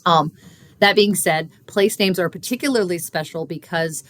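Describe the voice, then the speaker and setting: A woman researcher explaining language in an interview, measured and teacherly, with frequent fillers. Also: fairly low pitch, a bit bright. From Kentucky. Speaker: linguistics researcher guest.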